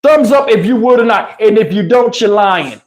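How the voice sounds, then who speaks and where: Animated, slangy male storyteller. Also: high-pitched, normal speed. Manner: animated, emphatic, slangy and profane. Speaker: livestream host. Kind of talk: comic storytelling on a livestream. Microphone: wireless lapel mic.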